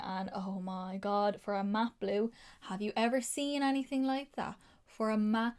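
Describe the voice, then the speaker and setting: A woman's voice: medium pitch, a little mellow. Gushing Irish woman reviewing makeup. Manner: gushing, chatty, many fillers. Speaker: beauty vlogger.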